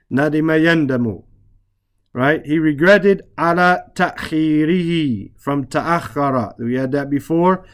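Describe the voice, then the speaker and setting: A man with a somewhat high voice teaches Arabic reading, translating lines and explaining grammar slowly and patiently. He repeats words and spells out letters.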